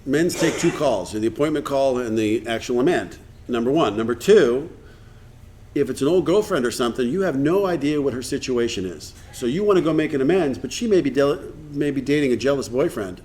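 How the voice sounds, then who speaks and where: A man's voice: mid-range voice, lively intonation, brisk, darkish tone. A man leading a recovery workshop in a meeting room, talking earnestly and acting out bits of dialogue. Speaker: workshop speaker.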